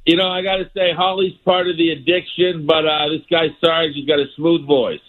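A man's voice: on the high side, level tone, a little fast. A man calling in to a sports radio show, chatty and telling a story. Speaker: caller. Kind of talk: phone-in call. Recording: tinny phone line.

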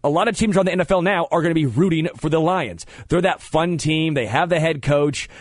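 A man hosting sports talk radio, animated and opinionated, often stammering as he restarts a thought, on a close studio mic. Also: a little high, a little fast, no room sound.

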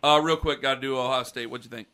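Bright-voiced animated male storyteller. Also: mid-range voice, fast talker, smooth. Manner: animated, acts out quotes, shouts and drops to mutters. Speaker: podcast co-host. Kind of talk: casual storytelling chat.

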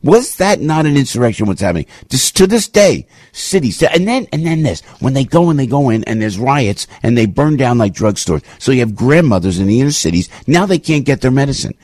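Husky, animated talk radio host man. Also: mid-range voice, dry recording, studio quality. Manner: impassioned ranting with rapid restarts. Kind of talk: talk radio commentary monologue.

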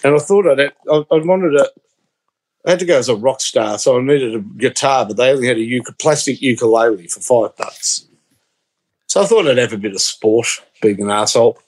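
Deadpan Australian man telling a story. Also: medium pitch, a little fast. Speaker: radio co-host. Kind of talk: casual chat and storytelling.

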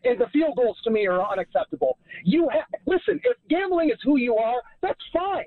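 A man's voice: very high voice, sing-song, brisk, dry recording. A man calling into a sports radio show over a phone line, ranting in a heated, argumentative way. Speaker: caller. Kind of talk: sports radio call-in rant.

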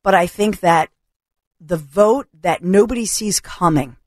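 A woman from the Philadelphia area hosts a talk radio show, speaking in a low-ish voice at a measured pace. Her casual monologue is chatty and reassuring, with frequent restarts, captured on a studio microphone with studio-quality sound and no room sound.

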